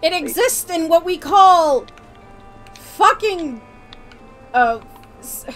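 A woman's voice: extremely high pitch, expressive, very slow, a bit bright, soft background music. A woman streamer chatting while gaming, joking in mock pirate speech with a lot of swearing. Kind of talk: casual gaming chat.

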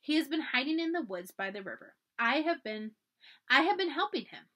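A woman's voice: high voice, big pitch swings, brisk, bright, forceful tone, voice pushed up, exaggerated voice. A woman reading aloud and voicing a brave, spirited colonial girl of about ten who talks urgently and pleads. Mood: apologetic.

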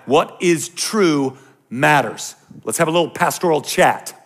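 A man in his thirties preaching to a youth group, swinging between quiet explanation and passionate ranting with jokes aimed at the crowd. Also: on the high side, animated, measured pace. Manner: impassioned, ranting and joking with the crowd. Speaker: youth pastor. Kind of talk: sermon.

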